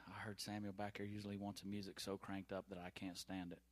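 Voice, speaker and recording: A man's voice: sits low, level tone, fast talker. A man in his thirties preaching an informal sermon from a church platform, talking candidly and conversationally with personal stories and asides. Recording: long reverb of a large hall.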